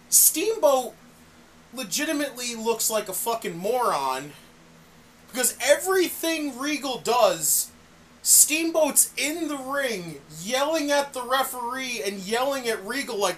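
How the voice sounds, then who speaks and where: In a slow, mid-range voice, a podcast co-host rants through a casual wrestling review, cursing often and animatedly mimicking others' outbursts. There's a little hiss or hum in the recording.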